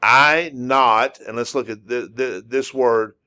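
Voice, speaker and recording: A man teaching a casual spoken lesson as a non-native speaker. He repeats syllables slowly and uses many fillers. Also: medium pitch, bright, forceful tone, clean tone. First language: English. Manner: repetitive, drawn-out demonstrations of syllables with frequent fillers. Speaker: language teacher.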